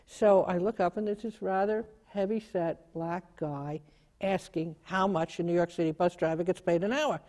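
A woman theater producer on a discussion panel, telling a lively anecdote. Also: fairly low pitch, moderate pace, in a large hall, rough recording.

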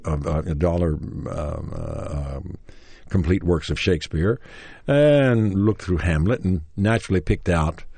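In a low, slightly mellow voice with vocal fry and no echo, an older Tennessee man reminisces in an interview about starting out as an actor. The story rambles, with frequent restarts and chuckles, and he livens his voice to act out quoted lines.

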